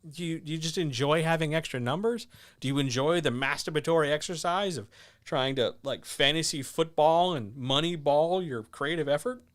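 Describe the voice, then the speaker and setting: A man's voice: normal speed, no room sound, studio quality. A man hosting a writing advice livestream, answering viewer questions in blunt, sardonic, casual chat. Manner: blunt, sardonic, animated, with sudden jumps in pitch.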